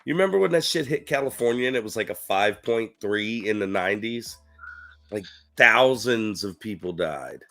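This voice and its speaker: A man co-hosts a relaxed stream chat in a fairly low voice with a bright, forceful edge. He is chatty and teasing, and he breaks into laughter often. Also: moderate pace, soft background music. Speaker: co-host. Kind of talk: casual chat.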